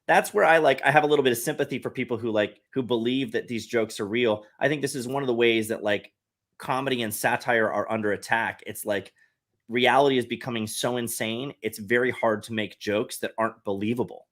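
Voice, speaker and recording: A man with a medium-pitched, slightly bright voice speaks a little fast. A podcast guest who heads a satire site, he talks at length in a casual conversation, earnest and explanatory, often restarting his sentences.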